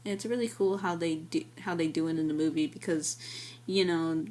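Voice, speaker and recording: A woman's voice: low voice, fairly even intonation, normal speed, a little mellow. A woman giving a casual, enthusiastic film review, rambling with many fillers and restarts.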